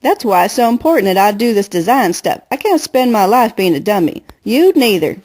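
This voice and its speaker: A woman's voice: medium pitch, sing-song, darkish tone. A woman reading an audiobook, voicing a playful, confident girl who chatters and teases. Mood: chatty. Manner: fast bubbly chatter, teasing. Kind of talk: audiobook character voice.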